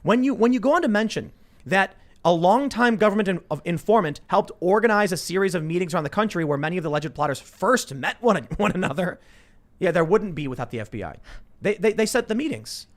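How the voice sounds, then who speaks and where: A man's voice: high voice, quick pace. A man in his thirties hosting a casual political talk show, reading news aloud and riffing with lots of restarts. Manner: animated, reads news aloud then riffs with restarts. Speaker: podcast host.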